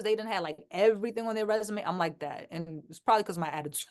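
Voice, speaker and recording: A woman's voice: mid-range voice, fast talker. A woman rapper from Queens with a New York accent, talking bluntly and with plenty of swearing as an interview guest. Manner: blunt, profane, animated. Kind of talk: casual interview chat.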